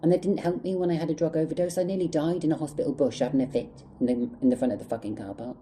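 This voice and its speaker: A man's voice: a little high, fairly even intonation, rapid-fire, mellow, slight background noise, rough recording. Angry tearful man venting. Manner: angry, emotional, heavy swearing. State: close to tears. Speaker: vlogger. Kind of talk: storytime vlog monologue.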